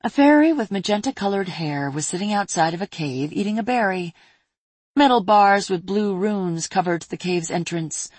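A woman narrating a fantasy story in a steady, even reading voice on a close mic. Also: lowish voice, husky, no echo. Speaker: audiobook narrator.

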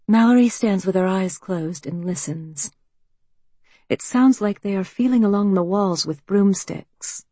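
A woman reading a tense story aloud in a slow, hushed narration. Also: medium pitch, slightly rough, no room sound. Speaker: audiobook narrator. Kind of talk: scripted narration.

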